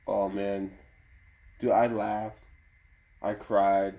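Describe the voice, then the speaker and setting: A man's voice: on the low side, flat delivery, very slow, warm tone, highs cut off. A man co-hosting a casual chat show, laid-back, swearing often and laughing a lot.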